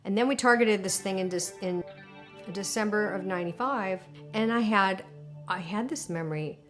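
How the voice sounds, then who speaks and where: A woman's voice: medium pitch, moderate pace, fairly bright tone, faint music behind. A woman interviewed for a documentary, telling a vivid, emotional story with hesitations. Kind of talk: documentary interview recounting an experience.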